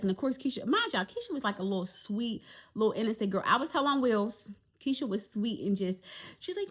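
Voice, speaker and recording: Animated woman in her forties telling a story, bright, lively delivery. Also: fairly high pitch, quick pace, slightly rough. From Jacksonville, Florida. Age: 40s. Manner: animated, talks straight to viewers. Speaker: vlogger. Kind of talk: storytime vlog.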